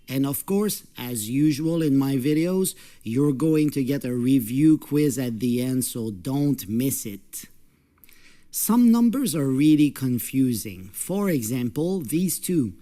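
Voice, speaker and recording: An English teacher presenting a recorded video lesson, encouraging the viewer with questions and stressing syllables deliberately. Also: mid-range voice, mellow.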